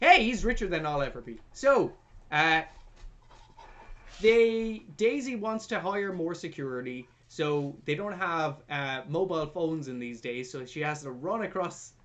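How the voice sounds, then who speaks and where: A man's voice: a little high, lively intonation, unhurried, fairly bright tone. A man co-hosting a film review podcast, recapping the plot in casual, sarcastic, sweary chat.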